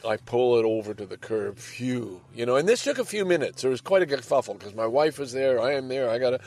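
A man's voice: mid-range voice, lively intonation, brisk, darkish tone. An older man hosting a podcast, talking from home in a rambling, casual monologue that swings between heavy and lighthearted. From Canada. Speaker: podcast host. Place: home, by a window.

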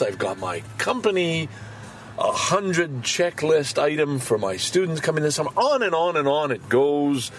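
A man of sixty-five hosting his podcast in a casual monologue, swinging from quiet musing to loud, cursing outbursts and repeating words to drive a point home. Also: mid-range voice, a little hiss or hum. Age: 60s. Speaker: podcast host.

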